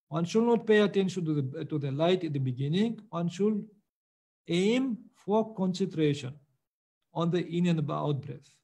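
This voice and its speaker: High gravelly-voiced male meditation teacher. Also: a little mellow. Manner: hesitant, many pauses and fillers, patient. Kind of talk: answering questions in a meditation class.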